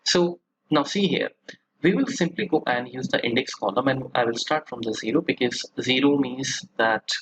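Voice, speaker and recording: A man's voice: mid-range voice, normal speed, fairly bright tone, a little hiss or hum, low-quality recording. Chatty man walking through a spreadsheet tutorial. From India. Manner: chatty, frequent "right?" check-ins, rising emphasis. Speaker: software trainer. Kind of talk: screen-recorded software tutorial.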